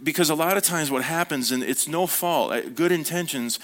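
A man preaching a conversational sermon, telling stories with relaxed, playful asides. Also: on the high side, normal speed.

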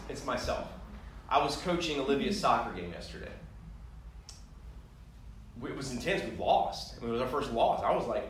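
A man's voice: medium pitch, slight background noise. Man preaching conversationally in an echoey room. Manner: conversational, self-deprecating, animated when telling stories. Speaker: pastor. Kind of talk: sermon with personal stories. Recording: echoey room heard from a distance.

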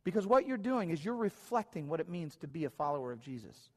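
A man's voice: fairly high pitch, big pitch swings, fast, darkish tone, long reverb tail. A man preaching a sermon to his church in a conversational way, often restarting and repeating phrases. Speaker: pastor. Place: church hall.

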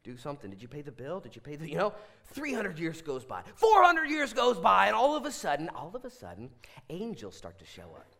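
A man in his thirties, a pastor preaching a sermon in a church, animated, swinging between loud exclamations and hushed asides. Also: on the high side, brisk, gravelly. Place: church sanctuary.

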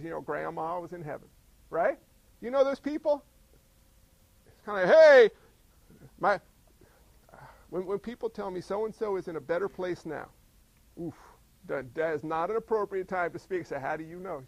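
A man preaching a sermon with animated delivery, often asking his listeners questions and acting out voices. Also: high-pitched, no room sound, rough recording. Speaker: pastor.

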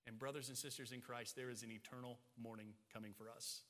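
A man's voice: mid-range voice, little pitch movement, fairly quick, a bit bright, big-room sound. A man preaching a sermon as a pastor, building intensity through emphatic repetition and rising phrases.

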